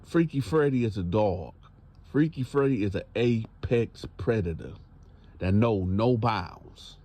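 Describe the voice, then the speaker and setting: A man recounting a prison story in a relaxed, conversational way. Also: on the low side, measured pace.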